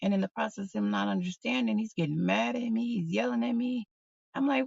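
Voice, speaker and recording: A woman's voice: a little high, a little fast, vocal fry, a little mellow, breathy edge, dry recording. A woman hosting a livestream, talking candidly and bluntly in a rambling, casual way to her viewers. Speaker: livestream host. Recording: dull, slightly lo-fi sound.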